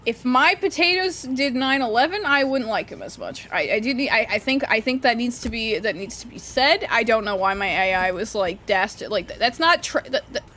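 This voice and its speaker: A woman's voice: a little high, expressive, normal speed, hardly any pauses, bright, forceful tone, slight background noise. Rambling, foul-mouthed young woman streamer. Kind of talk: casual livestream chat while drawing. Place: her warm room.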